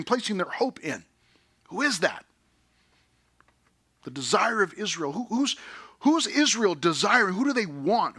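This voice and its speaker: A man preaching a sermon in a conversational, energetic way, often dropping to a hushed tone for emphasis. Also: sits high, no room sound, clean studio sound. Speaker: pastor.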